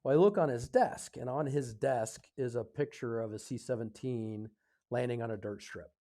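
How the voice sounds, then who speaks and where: A man in his fifties from the United States, a podcast guest telling a story in a loose, conversational way. He hesitates often, filling gaps with ums and correcting himself mid-sentence. His voice sits at an ordinary middle pitch for a man. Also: warm tone. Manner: halting, full of fillers and self-corrections. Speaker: podcast guest, retired Air Force officer.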